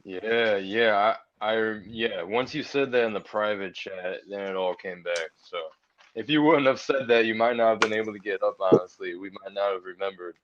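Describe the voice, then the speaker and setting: A man's voice: lowish voice, normal speed, fairly bright tone, lo-fi sound. A laid-back man on a livestream panel, explaining things at length in casual chat. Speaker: panel guest.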